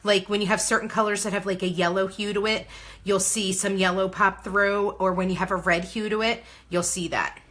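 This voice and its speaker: Female vlogger, 30s, bright voice, excitable and chatty, hosting a crafting video. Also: medium pitch, brisk. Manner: bubbly, exclamatory, talks to viewers while working. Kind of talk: casual crafting tutorial chat.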